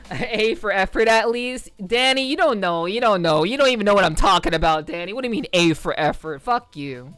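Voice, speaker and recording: A woman's voice: mid-range voice, expressive, moderate pace, few pauses, fairly bright tone, clear, resonant tone, faint music behind. A woman streamer from the New York City area chatting casually with her viewers, rambling and swearing, with lots of ums and bursts of laughter. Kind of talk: casual livestream chat with viewers.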